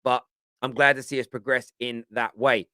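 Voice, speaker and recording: A man's voice: mid-range voice, level tone, moderate pace, sharp tone, no room sound, studio quality. A man giving a passionate, emphatic fan reaction on a live football stream. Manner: passionate, emphatic, repeats himself. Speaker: fan channel pundit.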